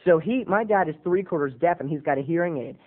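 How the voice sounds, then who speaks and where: High-voiced young man telling a comic story. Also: fast, narrow, tinny audio. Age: 20s. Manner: animated, dramatic, self-mocking. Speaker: video blogger.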